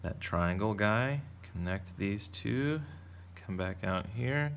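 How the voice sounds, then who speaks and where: A man's voice: fairly low pitch, lively intonation, takes it slowly, gravelly, few pauses, a bit bright. A man casually teaching kids to draw, playful and chatty as he narrates each step. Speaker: art teacher. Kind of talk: casual drawing tutorial for kids.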